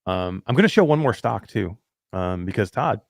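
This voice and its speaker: A man's voice: on the low side, sing-song, moderate pace, gravelly, no echo, studio quality. A man co-hosting a casual talk show, telling stories in a rambling way with lots of fillers and laughing at himself. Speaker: podcast co-host. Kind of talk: casual chat.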